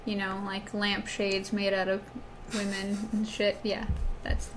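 A woman's voice: medium pitch, completely flat delivery, measured pace, slight background noise. A young woman from Wisconsin co-hosting a casual chat, rambling through stories with many fillers.

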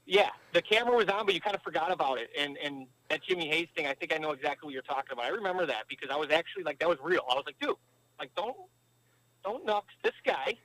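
Driving as he talks, a man guesting on a podcast rattles off rambling, swear-heavy anecdotes stuffed with fillers in casual storytelling. His somewhat high voice is pushed and bright, racing along with hardly any pauses on a low-quality recording.

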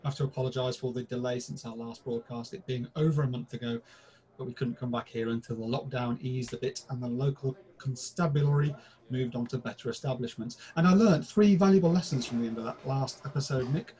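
A man's voice: mid-range voice, mellow. A British man co-hosting a comedy podcast, delivering crude, mock-formal pub banter in a theatrical manner. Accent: British English. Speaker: podcast co-host. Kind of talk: scripted comic pub banter.

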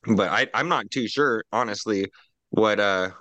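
A man's voice: fairly low pitch, a little slow, sharp tone, dry recording. A man on a casual roundtable podcast, ranting profanely and animatedly while drinking.

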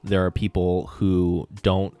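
Male podcast host, very low voice, earnest and rambling, faint music underneath. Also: completely flat delivery, slow, mellow, clean tone. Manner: rambling, frequent "like" fillers, earnest. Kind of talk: casual faith podcast conversation.

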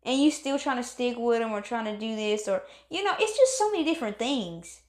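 Woman, high-pitched, motivational pep talk, emphatic, preachy, repetitive. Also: expressive, a little fast. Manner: emphatic and preachy, repeats phrases for stress; calls on God in exclamations. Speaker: motivational speaker.

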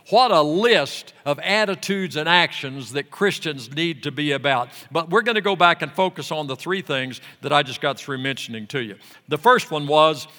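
A male pastor preaching a sermon, reading scripture slowly and with emphasis. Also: a little high, sharp tone. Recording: long hall reverb.

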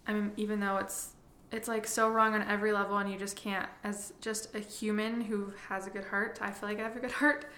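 A woman host reacting in an interview, emotional and halting. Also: mid-range voice, level tone, bright, forceful tone. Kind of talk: interview chat. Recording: echoey room.

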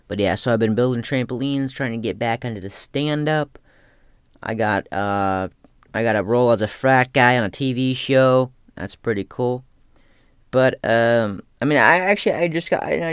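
A man's voice: mid-range voice, normal speed, clear, resonant tone, no echo, clean studio sound. A young man talking in a casual rambling monologue, slangy and profane, with lots of restarts. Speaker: aspiring comedian.

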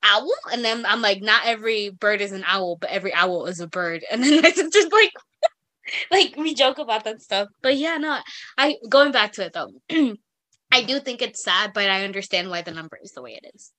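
A young woman co-hosting a podcast tells rambling stories packed with fillers in a chatty, casual way. Her medium-pitched voice sounds pushed and bright, with lively intonation at a normal speed.

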